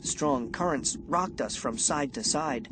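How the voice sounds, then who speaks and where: A man giving suspenseful first-person audiobook narration in a slow, expressive delivery, over background music. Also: mid-range voice, noisy background. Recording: music bed under narration.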